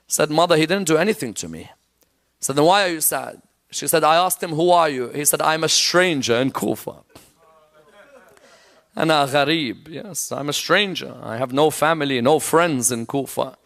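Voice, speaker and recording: A man's voice: on the high side, moderate pace, vocal fry, a bit bright. A man delivering a religious sermon, telling a tragic story and rising into a chant-like lament. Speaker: Islamic lecturer.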